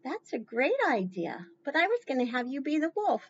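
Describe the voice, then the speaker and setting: A woman presenting a library storytime, reading slowly and encouraging the children warmly as she leads them. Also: sits high, highs cut off, slight background noise. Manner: encouraging, slow, animated.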